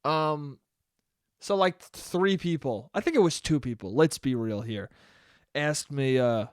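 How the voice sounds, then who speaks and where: A man's voice: unhurried, no echo, studio quality. A young man hosting a solo podcast, ranting casually with lots of swearing and mocking impressions of relatives. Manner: profane, animated, mimics relatives in shrill voices. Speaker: podcast host.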